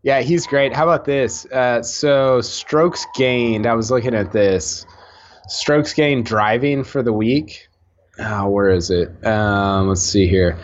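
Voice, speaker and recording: A man's voice: mid-range voice, slow pace, dull audio. A man co-hosting a casual sports podcast, chatty and full of fillers and restarts. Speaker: podcast co-host.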